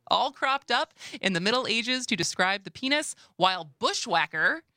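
A chatty woman with a Wisconsin accent co-hosts a radio talk show, loose and playful, laughing easily. Her voice is bright and forward. The studio sound is dry and close. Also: fairly high pitch, animated, moderate pace, hardly any pauses, no echo. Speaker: radio co-host. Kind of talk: casual radio chat.

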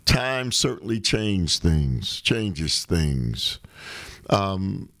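Gravelly, unhurried talk radio host man. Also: low-pitched, big pitch swings, fairly bright tone, no room sound, clean studio sound. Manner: unhurried, conversational, rhetorical. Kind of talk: political talk radio monologue.

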